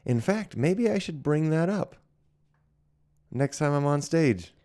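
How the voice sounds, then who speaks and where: A man's voice: fairly high pitch, animated, slow pace, warm tone. A man co-hosting a comedy podcast, chatting casually and rambling into self-mocking jokes about his stand-up sets. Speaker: podcast co-host, stand-up comic.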